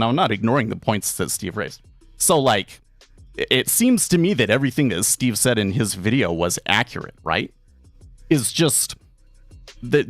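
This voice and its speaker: A man's voice: mid-range voice, dry recording. A man who runs a day trading stream, chatting casually and rambling through an anecdote, raising his voice to act out the people in it. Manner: rambling storyteller, acts out quoted characters with a raised voice. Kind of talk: casual live-stream chat.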